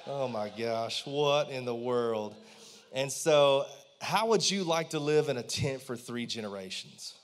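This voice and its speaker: A man, preaching a conversational sermon in church and often asking the congregation questions. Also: mid-range voice. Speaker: pastor.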